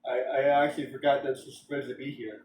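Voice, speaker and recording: A man's voice: medium pitch, fairly even intonation, fast, darkish tone, recorded from a distance. A man chatting casually while streaming a game, rambling with lots of filler words and joking. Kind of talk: casual gameplay stream chat. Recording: roomy sound, off-mic, faint background hum.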